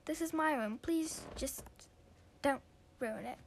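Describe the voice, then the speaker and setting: An exasperated young girl defending her own room, as a woman voices her in a story. She argues back with indignant, rising protests. The voice stays bright and a little high. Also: slow pace, slight background noise.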